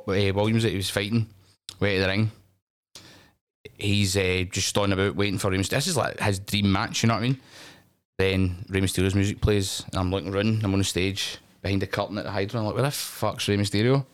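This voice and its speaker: Scottish guy, deeper voice, tells stories loud and lively, swears a lot. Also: brisk. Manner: animated, swears freely, acts out voices in anecdotes. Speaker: wrestling promotion owner, podcast guest. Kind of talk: casual storytelling chat.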